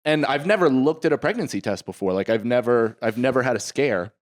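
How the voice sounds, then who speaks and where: Animated man telling a comedy story. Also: mid-range voice, fairly quick. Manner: animated, acts out both sides of a story, swears freely. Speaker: comedy podcast co-host.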